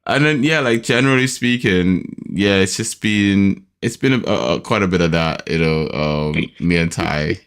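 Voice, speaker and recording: A man hosting a podcast, telling a family story in a hesitant, animated way and mimicking a child's voice. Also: moderate pace, few pauses, smooth. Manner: animated storytelling, acts out his son's high voice; hesitant, many restarts and fillers. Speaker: podcast host. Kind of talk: casual chat.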